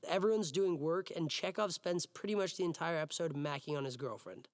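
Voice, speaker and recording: A young man, an actor, talking quickly and animatedly in an interview about his role. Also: a little high, no echo. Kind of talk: interview for a behind-the-scenes featurette.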